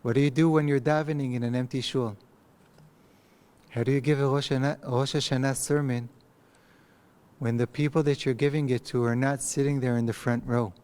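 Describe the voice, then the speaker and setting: A man's voice: mid-range voice, steady tone, darkish tone. Man, mid-range voice, rabbi lecturing to a mic, reflective and informal. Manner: thoughtful, conversational, with pauses and restarts. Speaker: rabbi teaching a text class. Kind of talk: recorded online lecture. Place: empty study hall. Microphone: microphone.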